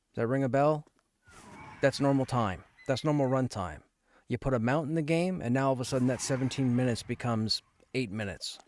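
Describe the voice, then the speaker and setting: A man's voice: mid-range voice, a little mellow. Talkative man streaming a game. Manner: talkative, opinionated, restarts his sentences. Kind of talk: casual live-stream chat.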